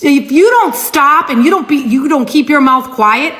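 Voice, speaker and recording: A woman with a high voice scolds her listeners in a sarcastic, mocking tone. She speaks as a commentator addressing the camera directly. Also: lively intonation, moderate pace, fairly bright tone. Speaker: social media commentator.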